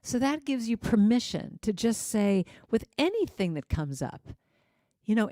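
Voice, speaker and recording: A woman's voice: a little high, sing-song, a little slow, warm tone, no room sound, clean studio sound. A middle-aged woman, a guest musician, giving a casual spiritual talk and breaking into sung lines and acted quotes.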